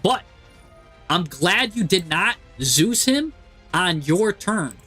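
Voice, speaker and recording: Male streamer, high-pitched, live play-by-play, exasperated and animated, faint music underneath. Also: slow pace, slightly rough. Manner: exasperated, animated, talks to the screen. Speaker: streamer commentating a card game. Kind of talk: live game commentary.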